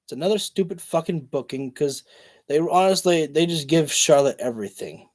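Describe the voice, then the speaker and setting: Brief: streamer, male, high voice, dry close sound, heated swearing rant. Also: normal speed, darkish tone, dry recording. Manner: angry profane ranting. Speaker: livestream host reacting to wrestling. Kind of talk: live reaction commentary.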